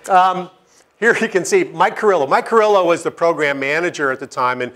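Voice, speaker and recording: A man's voice: a little high, fairly quick, fairly bright tone. A middle-aged man from Seattle, a scientist giving an informal lecture to a live audience, telling anecdotes with self-deprecating jokes and frequent "okay?" checks. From Seattle, United States.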